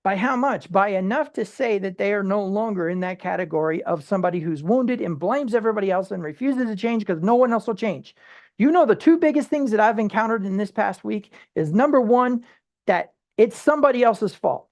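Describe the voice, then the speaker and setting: Bible study teacher, casual conversational teaching, rhetorical questions, quick restarts, acted-out asides. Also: mid-range voice, expressive, a little mellow. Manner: acts out everyday people in short quoted asides.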